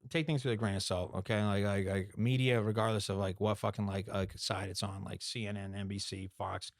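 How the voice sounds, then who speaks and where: A man's voice: lowish voice, steady tone, brisk, no echo. A young man co-hosting a podcast, interrupting his co-host with emphatic, swearing remarks full of "like". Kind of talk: casual chat.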